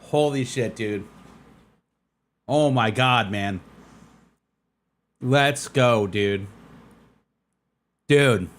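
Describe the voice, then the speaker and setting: A man streaming a game, talking casually to his chat, tired and excitable, repeating himself with lots of "dude" and "man". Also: medium pitch, very slow, pauses often.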